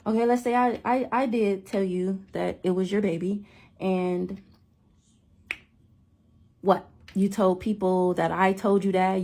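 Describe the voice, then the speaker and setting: A young woman telling a story in a casual vlog rant, animated and incredulous, repeating herself. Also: medium pitch, creaky, a little hiss or hum. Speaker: vlogger.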